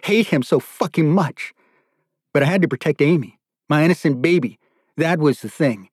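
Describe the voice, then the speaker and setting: A man's voice: on the high side, animated, moderate pace, breathy edge, no room sound, studio quality. A man voicing a tormented adult man who pours out his ordeal in raw, profane bursts. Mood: anguished. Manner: raw, profane, bitter outpouring.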